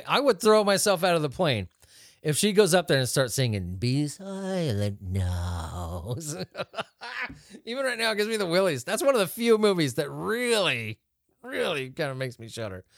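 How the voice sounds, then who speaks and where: A podcast host reads news headlines aloud and riffs on them, joking, rambling, and laughing often in casual chat. His high, creaky voice swings widely in pitch and runs a little fast, recorded in clean studio quality with no echo.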